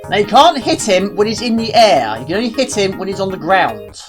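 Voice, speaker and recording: Lively woman narrating gameplay. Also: medium pitch, a little fast, music in the background. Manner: chatty, self-mocking, talks to herself. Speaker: gaming video creator. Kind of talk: casual gameplay commentary.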